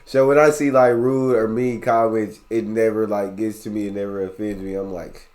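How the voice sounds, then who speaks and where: A man's voice: lowish voice, flat delivery, moderate pace, darkish tone. A man hosting a reaction video, laid-back and laughing as he talks to viewers. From United States. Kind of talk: casual reaction commentary.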